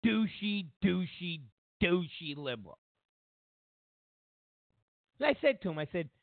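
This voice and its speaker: A man's voice: high voice, very animated, measured pace, creaky, long pauses, no room sound. A man hosting a talk radio show, ranting and mocking as he delivers a monologue. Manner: mocking, ranting, acts out both sides of conversations. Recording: tinny, phone-like radio sound.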